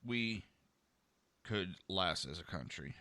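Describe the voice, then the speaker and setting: Male podcast host, crude and excitable, very bright tone, dry close sound. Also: deep voice, slow pace, dry recording. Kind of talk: casual commentary podcast. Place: home room by a window. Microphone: camera mic.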